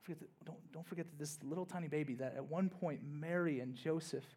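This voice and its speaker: A man's voice: a little high, a little fast, a little mellow, husky. A young man, a pastor, giving a conversational sermon with casual asides and rising bursts of energy.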